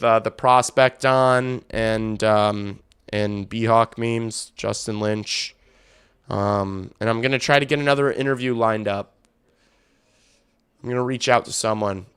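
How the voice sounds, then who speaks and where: A young man with a hoarse voice that still comes through smooth and clear talks loosely to his live chat. He rambles, swears freely and keeps things blunt and casual. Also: medium pitch, a bit bright. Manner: rambling, blunt and profane, addresses chat directly. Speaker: hockey streamer.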